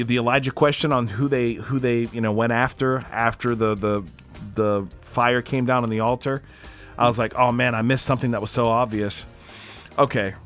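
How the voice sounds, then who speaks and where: Male co-host, casual and animated, faint music behind. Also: medium pitch. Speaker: livestream co-host. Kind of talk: casual chat.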